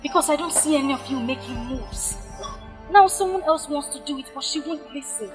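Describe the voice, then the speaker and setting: A woman's voice: high-pitched, fairly quick, over music, close to an everyday voice. A woman playing a desperate young woman who urgently pleads with a prince in a Nollywood film. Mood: pleading.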